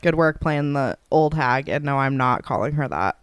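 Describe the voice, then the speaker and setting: A woman's voice: very deep voice, expressive, normal speed, clear, resonant tone, no echo. A woman co-hosting a podcast in casual chat, an eager storyteller who is supportive and teasing. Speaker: podcast co-host.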